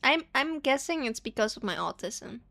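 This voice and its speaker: Chatty woman with a higher voice. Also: animated, moderate pace, vocal fry, pushed and bright. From Netherlands. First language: Dutch. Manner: chatty, self-deprecating, laughs often. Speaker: streamer. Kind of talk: casual live-stream chat.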